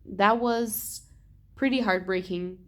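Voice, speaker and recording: An animated young woman chats on her reading vlog, often exasperated and quick to swear. Her pitch sits in a middle range for a woman. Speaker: book vlogger.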